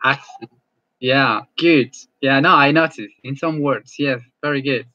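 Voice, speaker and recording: A male English teacher chatting casually as he closes an online class, friendly and halting, often repeating words. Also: mid-range voice, bright, forceful tone, dry recording, muffled recording.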